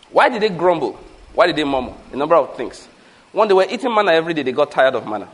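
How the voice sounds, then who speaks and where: High-voiced Nigerian preacher, animated. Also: male voice, husky, low-quality recording. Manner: animated, repetitive preaching with humorous asides. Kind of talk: sermon.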